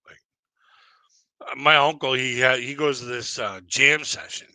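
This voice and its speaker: A man's voice: medium pitch, fairly even intonation, measured pace, bright, forceful tone, no room sound, poor audio. A man hosting a livestream, telling stories in a rambling, casual way with many restarts and chuckles. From Canada. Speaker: livestream host. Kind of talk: casual storytelling chat.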